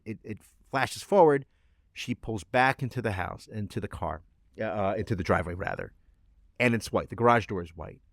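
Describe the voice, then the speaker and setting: A man's voice: fairly low pitch, no echo, clean studio sound. A man co-hosting a podcast in casual chat, animatedly retelling commercials with little acted asides. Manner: animated storyteller, recounting ads with acted asides. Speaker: podcast co-host.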